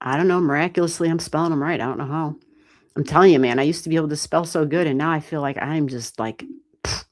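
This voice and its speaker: Low-pitched woman, midwestern US accent, chatty livestream astrologer, dry close sound. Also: fast talker, no echo. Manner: chatty, animated, swears casually. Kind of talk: casual live-stream reading.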